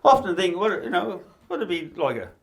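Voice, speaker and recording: A man's voice: sits high, very animated, fairly quick, creaky. An Australian man doing a stand-up comedy routine, reeling off puns and laughing at his own jokes.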